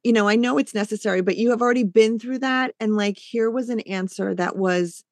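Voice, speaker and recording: A woman's voice: fairly high pitch, fairly quick, no room sound. A woman hosting an interview in a casual, effusive, supportive way, often chiming in. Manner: effusive and supportive, eager to chime in. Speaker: podcast host.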